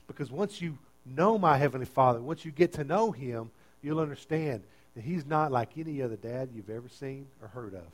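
A pastor preaching a sermon with great energy, swinging from quiet, tender lines to loud, emphatic ones. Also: male voice, medium pitch, fairly quick, hardly any pauses. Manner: dynamic preaching, swinging between soft and loud.

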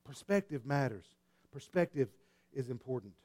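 A man preaching a sermon in a church, animated and repetitive, with sudden swings between quiet and loud. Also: medium pitch, normal speed. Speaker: pastor. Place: church hall with congregation.

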